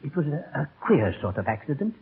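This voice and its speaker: Brief: anxious, pleading doctor, animated and raspy, old radio play. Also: male voice, a little high, a little fast, full character voice. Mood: urgent. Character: worried, pleading family doctor. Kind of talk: 1930s radio drama acting. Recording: tinny old radio broadcast.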